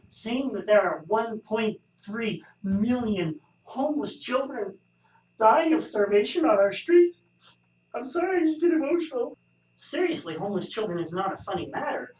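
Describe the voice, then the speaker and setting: A man teaching a statistics class, explaining survey bias with wry, joking asides. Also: sits high. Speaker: statistics instructor. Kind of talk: recorded classroom lecture. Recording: echoey room, distant mic.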